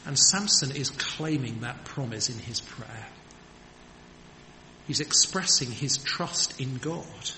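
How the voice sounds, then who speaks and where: A man's voice: mid-range voice, expressive, slow, sharp tone. A man preaching a sermon in an earnest, emphatic manner, with rhetorical questions. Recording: long hall reverb, faint background noise.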